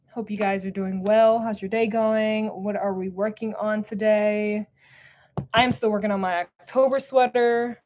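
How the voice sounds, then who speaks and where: A young woman with a slightly high voice chats bubbly and casually through a crochet livestream. She greets viewers one by one, laughs often, and talks into a desk mic at home. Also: darkish tone. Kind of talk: casual live-stream chat reading comments.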